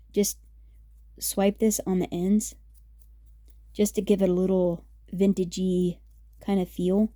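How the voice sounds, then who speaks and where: A woman's voice: mid-range voice, warm tone, no room sound, studio quality. A woman hosting a casual craft tutorial, chatty and upbeat with many fillers as she works. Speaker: craft video host.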